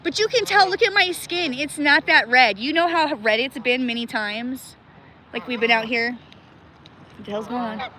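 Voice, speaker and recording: Bright high-voiced woman in cold river. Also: moderate pace. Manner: laughs often, chats to viewers by name. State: shivering with cold. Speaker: livestream host. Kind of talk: casual livestream chat.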